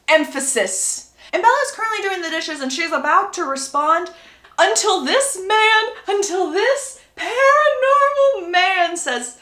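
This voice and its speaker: Young woman gossiping thru a book recap, high bouncy voice, echoey room. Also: unhurried. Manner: animated, sassy and gossipy. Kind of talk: casual storytelling recap. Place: indoor room. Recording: roomy echo.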